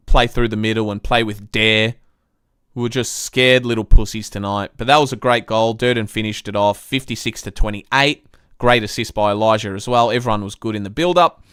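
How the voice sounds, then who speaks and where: A young man with a fairly high, smooth, clean voice recaps a football game on a live stream. He rants like a fed-up fan and swears freely. The sound is close and dry. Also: a bit bright, no echo. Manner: frustrated, swearing, ranting fan. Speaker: sports review host. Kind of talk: live-stream footy match review.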